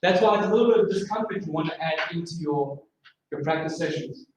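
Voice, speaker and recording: A man with a high voice teaches a drumming masterclass, counting the beats out loud as he explains each rhythm. He is recorded from far off in a very echoey room, with faint noise behind him. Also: fast. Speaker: drumming instructor. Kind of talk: masterclass lecture.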